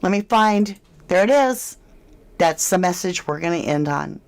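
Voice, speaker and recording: A woman with a lowish voice hosts a true crime livestream, casually reading and chatting about viewer comments. She is animated and unhurried, with a chatty, emphatic, slightly snarky style.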